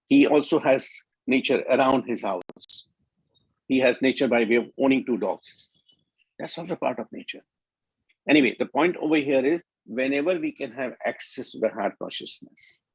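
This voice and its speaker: Man, Indian English accent, husky voice, dry close sound, earnest conference talk, middle-aged. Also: mid-range voice, dry recording, poor audio. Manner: earnest, repeats words for emphasis. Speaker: speaker at a media conference.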